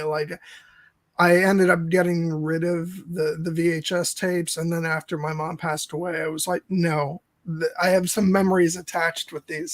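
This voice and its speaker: Chatting casually about films, this male co-host wanders through a lengthy anecdote full of filler words. He has a fairly high-pitched voice, and the recording is dry.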